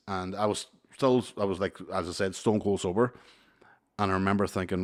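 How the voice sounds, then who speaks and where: A man in his thirties, co-hosting a podcast, relates a long humorous story in a low, brisk voice. He stays casual and animated, swearing heavily and laughing partway through.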